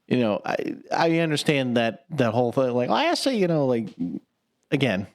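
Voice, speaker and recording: A man's voice: mid-range voice, moderate pace. A man co-hosting a podcast, chatting casually about a film and acting out reactions in a raised voice. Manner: animated, acts out reactions in a raised voice. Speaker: podcast co-host.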